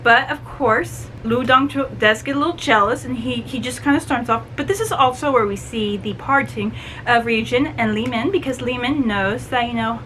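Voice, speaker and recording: Woman, high voice, casual book review vlog, chatty, animated, faint background hum. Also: moderate pace, poor audio. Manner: chatty, animated, lots of "like" and "you know".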